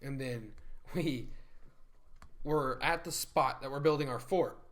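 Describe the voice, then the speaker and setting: A young man on a podcast, telling a story in casual chat and acting out what others said in high voices. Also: slow, fairly bright tone. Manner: rambling, acts out quotes in high voices. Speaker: podcast host.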